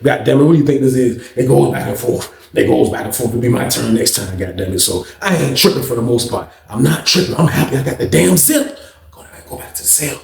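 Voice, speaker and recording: A man casually telling a story to his viewers in a slangy, profane, animated way, full of asides. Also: medium pitch, quick pace, gravelly. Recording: roomy echo.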